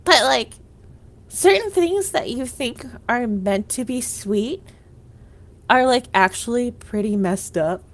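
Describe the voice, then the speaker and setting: A woman's voice: a little high, lively intonation, slow. A woman livestreamer chatting casually with viewers, rambling and sometimes trailing off into whispers.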